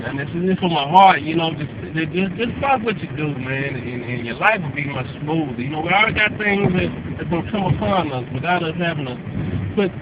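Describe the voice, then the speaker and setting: A man vlogging casual spiritual encouragement on a phone, halting and repeating words as he preaches about living clean. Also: fairly high pitch. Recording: muffled phone audio with faint outdoor noise.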